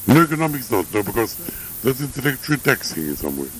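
An older man in a reflective interview, speaking in a measured, halting way with frequent pauses and fillers. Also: mid-range voice, very animated, slight background noise, poor audio. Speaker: interviewee, academic.

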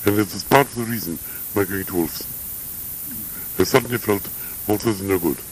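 An older man in a reflective interview, speaking in a measured, halting way with frequent pauses and fillers. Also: fairly low pitch, a little hiss or hum, poor audio. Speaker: interviewee, academic.

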